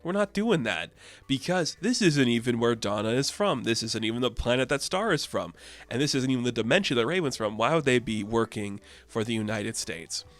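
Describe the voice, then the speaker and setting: A man's voice: medium pitch, lively intonation, fairly quick, faint music behind, lightly acted. A man quoting an exasperated young male team leader who firmly refuses an offer.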